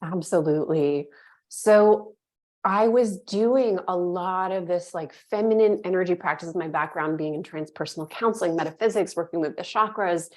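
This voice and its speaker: A woman in her thirties, a podcast guest, telling a personal story with animated delivery and acting out the inner voices she recalls. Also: fairly low pitch, normal speed. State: moved to tears at times.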